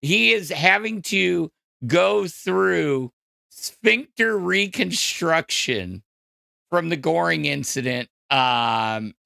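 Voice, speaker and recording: A man's voice: fairly high pitch, lively intonation, very slow, gravelly, pushed and bright, no echo, clean studio sound. A man hosting a podcast, ranting casually with lots of profanity, fillers and restarts. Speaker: podcast host. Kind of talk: casual crude podcast rant.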